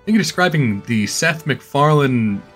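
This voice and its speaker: A man's voice: medium pitch, animated, moderate pace, a bit bright, faint music behind. A man co-hosting a podcast in casual chat, talking in a dry, hesitant, wry way. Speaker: podcast co-host.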